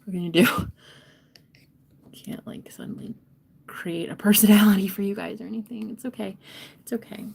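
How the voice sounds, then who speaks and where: A young woman giving a casual tarot reading to her viewers, playful and talkative, swinging between loud bursts and soft whispered asides. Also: mid-range voice, steady tone, a little fast, gravelly, pauses often, husky. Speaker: tarot reader and streamer.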